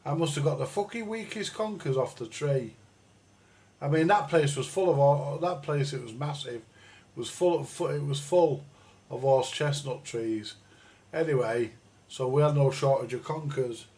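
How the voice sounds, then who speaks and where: Bloke rambling thru a sweary old school story on his live stream, voice a bit high. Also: moderate pace, a little mellow. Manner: profane, meandering storyteller with many restarts. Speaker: livestream host. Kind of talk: rambling anecdote on a live chat.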